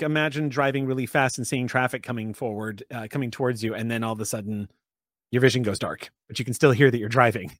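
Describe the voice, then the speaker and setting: A man's voice: medium pitch, a bit bright, no echo, studio quality. A man narrating a tabletop game as game master, descriptive and conversational.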